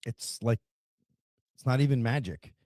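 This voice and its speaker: A man's voice: medium pitch, unhurried, mellow, no echo. A man hosting a podcast who talks in a reflective way and often restarts as he searches for words. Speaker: podcast host. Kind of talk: casual podcast conversation.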